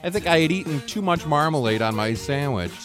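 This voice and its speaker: A man's voice: fairly high pitch, expressive, fairly quick, a bit bright, faint music behind. A man co-hosting a casual talk show, chatty and easygoing. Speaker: co-host. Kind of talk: casual chat.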